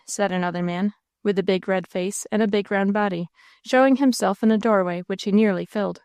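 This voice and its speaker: Female audiobook narrator, steady storybook reading, middle pitch, dry close mic. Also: fairly quick, clean tone, dry recording. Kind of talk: scripted narration.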